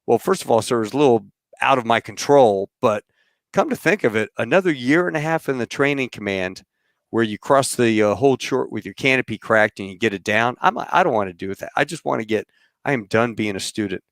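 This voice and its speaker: A middle-aged man hosting a podcast, telling rambling, animated stories about flying and acting out what others said. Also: medium pitch, fairly quick, dry recording, studio quality. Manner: rambling, animated storyteller who acts out quotes. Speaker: podcast host. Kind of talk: casual storytelling chat.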